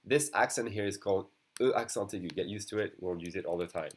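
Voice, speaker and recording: Deep-voiced man teaching French. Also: breathy edge. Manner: explains slowly, repeats French words for students. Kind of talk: beginner language lesson.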